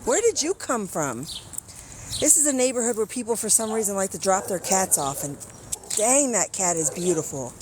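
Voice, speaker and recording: A woman's voice: big pitch swings, normal speed, darkish tone, slight background noise. An American woman vlogging casually while walking her pets outdoors, chatting to viewers and coaxing animals. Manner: chatty, coaxing animals in a high sing-song voice. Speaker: pet vlogger. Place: outdoors in a neighborhood.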